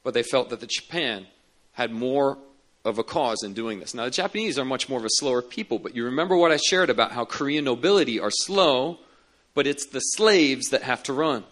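A man preaching as a pastor tells earnest stories and keeps returning to key words for emphasis. His voice is medium-pitched with a slightly bright quality.

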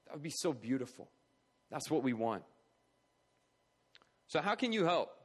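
A man with a fairly high voice preaches to a congregation. He talks in an earnest, conversational way, full of "you know" and small restarts. The sermon sounds informal rather than scripted. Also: very animated, normal speed, slightly rough. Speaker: preacher for an orphan charity.

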